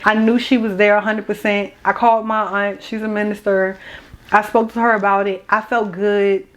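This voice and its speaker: A young woman speaks in a slightly high voice. She talks straight to camera in a rambling, heartfelt way, slangy and open. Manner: rambling, emotional and candid, slangy. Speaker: vlogger. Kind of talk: candid personal vlog.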